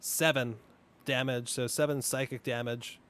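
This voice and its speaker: A man running a tabletop game as game master, explaining rules in a rambling way with lots of fillers and sudden fast bursts. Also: mid-range voice, fairly even intonation, fairly bright tone, clean tone.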